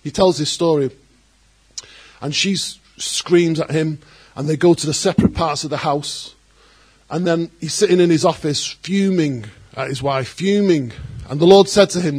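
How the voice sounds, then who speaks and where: A man preaches with a fairly high, husky voice. He is animated and breaks into quoted voices as he speaks. His delivery is laced with joking asides. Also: normal speed. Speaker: pastor. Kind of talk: sermon.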